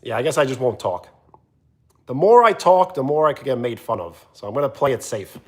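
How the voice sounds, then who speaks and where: A man live streaming, chatting casually and answering viewers' comments in an animated, teasing way. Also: a little fast. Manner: animated, teasing, often jumping higher in pitch.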